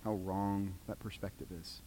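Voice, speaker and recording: A man preaching a sermon, dramatic, swinging from loud pleading to hushed quiet. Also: fairly low pitch, little pitch movement, a little slow, slight background noise. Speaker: pastor. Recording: long reverb of a large hall.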